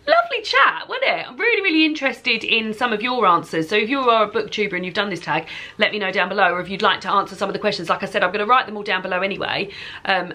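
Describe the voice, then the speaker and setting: A woman's voice: lowish voice, pushed and bright. A woman vlogging at home, chatting casually about books in a rambling way full of fillers. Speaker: book vlogger. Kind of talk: casual chat to camera.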